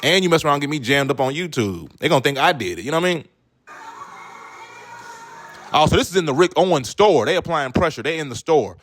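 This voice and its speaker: A man's voice: fairly high pitch, animated, fast, long pauses, a bit bright, slight background noise. Comedian guy reacting to news, loose and jokey, lots of asides. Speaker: comedian, video host. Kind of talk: casual reaction commentary.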